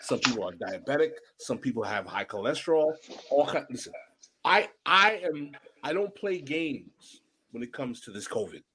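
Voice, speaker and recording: A man's voice: mid-range voice, normal speed, slight background noise. A middle-aged man hosting a podcast, talking emphatically, telling stories, and repeating his points. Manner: emphatic and animated, repeats himself, tells stories. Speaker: podcast host. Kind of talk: casual podcast chat.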